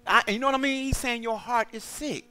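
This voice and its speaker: High, bright-voiced man preaching. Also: quick pace. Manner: call-and-response preaching, acting out quoted voices. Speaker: pastor. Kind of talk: preaching to a congregation.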